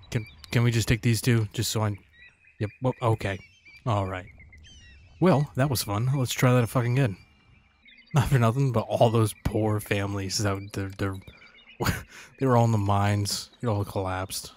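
With a lowish, darkish, steady voice, a gaming channel host comments on gameplay at an unhurried pace, often pausing. He curses and mocks the on-screen characters directly, and a little hiss or hum sits in the audio.

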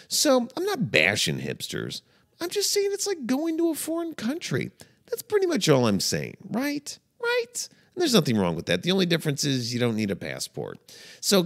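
On his comedy podcast, the host performs a mock-dramatic, playful monologue, dropping to low mutters one moment and rising to high exclaims the next.

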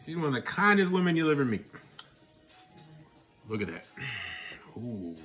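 A man talking casually to his viewers while he eats, chatty and excitable, with mouthfuls and happy murmurs between his sentences. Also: on the high side, normal speed, long pauses, faint music behind. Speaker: vlogger. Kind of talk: casual eating vlog.

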